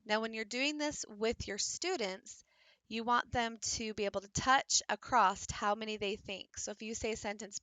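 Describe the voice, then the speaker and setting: A woman's voice: fairly high pitch, moderate pace, pushed and bright, dry recording. A woman teacher patiently explaining, step by step, how to build a classroom visual aid while she works with her hands. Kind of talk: instructional craft tutorial.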